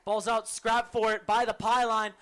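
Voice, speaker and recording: High-voiced teen calling lacrosse plays. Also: male voice, little pitch movement, fairly bright tone, slight background noise. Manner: rapid play-by-play calls, rising when the action picks up. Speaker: play-by-play commentator. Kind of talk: student sports broadcast commentary.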